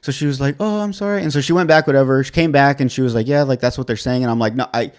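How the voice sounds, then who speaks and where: A man's voice: medium pitch, very fast, clean tone. Exasperated man venting with profanity. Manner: profane, exasperated storytelling with quoted dialogue. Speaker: podcast co-host. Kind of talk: casual chat.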